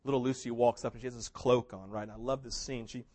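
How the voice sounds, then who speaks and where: A man preaching a sermon, telling a story with big swings between loud, excited passages and hushed ones, sometimes acting out what characters say. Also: medium pitch, fast talker. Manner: mimics characters in quoted asides. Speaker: pastor.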